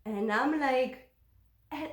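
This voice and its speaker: A woman with a high, bright-pitched voice tells a personal story to camera in a candid, unfiltered way. She is frank and emotional and swears freely. The sound carries a roomy echo. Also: takes it slowly. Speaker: vlogger recounting her own life.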